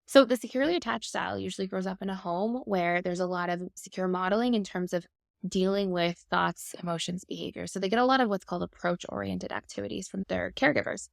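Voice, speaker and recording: A woman's voice: medium pitch, fast talker, creaky, no room sound, studio quality. A woman in her thirties, a guest expert, explaining attachment styles in a fluent, upbeat conversational way.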